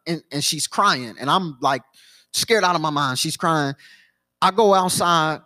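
Pastor, young adult man, high voice, sermon storytelling with repeated phrases. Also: normal speed, bright, forceful tone.

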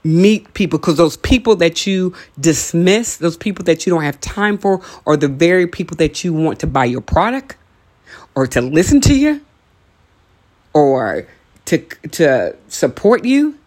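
A podcast host giving a motivational talk, urging listeners on with emphatic, repeated lines and the odd joking aside. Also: male voice, on the high side, expressive, unhurried, a little mellow. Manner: emphatic, repetitive exhortations.

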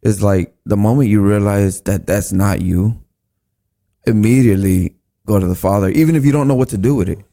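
A man speaking as a guest on a church podcast discussion, earnest and halting, often restarting his sentences. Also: on the low side, mellow.

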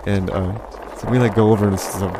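A man's voice: lowish voice, steady tone, fast talker, noisy background. A man from California casually telling a rambling, profane personal story, full of fillers and acted-out quotes. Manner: acts out quotes in a raised, mocking voice.

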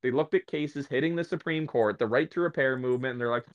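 A man speaking as a guest on a casual podcast, ranting in an animated way and acting out the voices of the people he quotes. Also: mid-range voice, fast, few pauses, dull audio. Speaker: guest, electric motor repair specialist.

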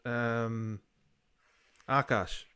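A man's voice: medium pitch, fairly even intonation, very slow, sharp tone, smooth. An Australian man co-hosting a podcast, rambling bluntly in casual chat and swearing now and then. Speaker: podcast co-host.

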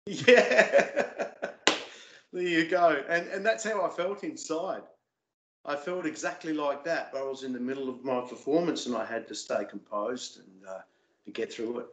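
A man guest in a casual interview, hesitant and repeating words, getting animated as he recalls. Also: mid-range voice, moderate pace, reverberant, low-quality recording. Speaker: interview guest, former singing show contestant.

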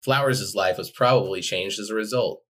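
Low-voiced man, dry teasing co-host. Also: normal speed, a bit bright. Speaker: podcast co-host. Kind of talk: casual chat and reading descriptions aloud.

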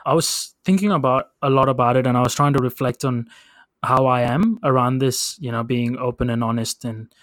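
A man with an Indian accent co-hosts a casual podcast chat, earnest and a little hesitant. His voice sits at a middle pitch and sounds dry and close to the mic. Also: fairly quick, fairly bright tone, no echo. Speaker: podcast co-host.

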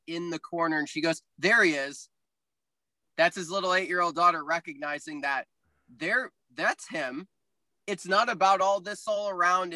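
A man's voice: sits high, bright, forceful tone, no room sound, poor audio. A man co-hosting a church podcast, telling a story in a casual, agreeable way.

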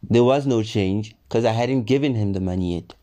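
This young man's voice is on the low side, and he talks at a moderate speed. He's a vlogger casually relating a personal anecdote, full of profanity and lively impressions of the other people in it.

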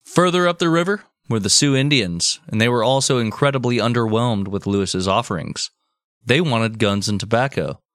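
A man's voice: medium pitch, moderate pace, a bit bright, no room sound, clean studio sound. A man hosting a comedy podcast, narrating history and breaking into crude joking asides. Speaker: podcast host telling history. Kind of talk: comic history storytelling.

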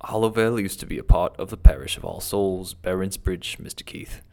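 A man's voice: sits low, steady tone, vocal fry, warm tone. A man playing a courteous old country rector. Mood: measured. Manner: measured, polite, a little hesitant.

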